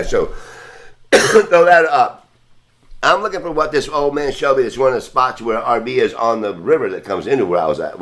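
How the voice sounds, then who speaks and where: A man's voice: mid-range voice, a bit bright. A man hosting a podcast, telling a long story in a casual, rambling, profane way. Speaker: podcast host.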